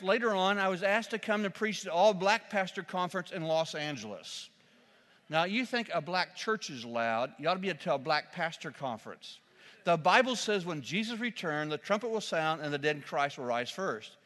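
A man, a pastor, preaching a sermon in a church, telling a humorous story with lively, shouted quotes. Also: sits high, a little fast, in a large hall.

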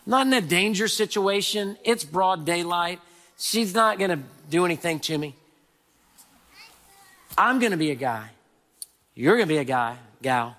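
A man preaching a sermon, telling a story with sudden loud and soft swings. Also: high voice, animated, a little slow, long pauses. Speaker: pastor. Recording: hall reverb.

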